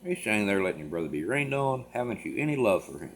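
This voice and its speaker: A man reading a play aloud, voicing a stern older mother who scolds briskly and reprovingly. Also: lowish voice, sing-song, voice pushed down.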